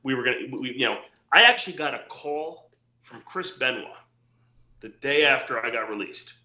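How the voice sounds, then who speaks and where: A middle-aged man with a very bright, forceful voice spins rambling stories, acting out the quotes of people he talks about. His voice rings in an echoey room. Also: mid-range voice, lively intonation, normal speed. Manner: rambling anecdotes with quoted dialogue, many restarts. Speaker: former wrestler, guest. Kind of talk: casual storytelling interview.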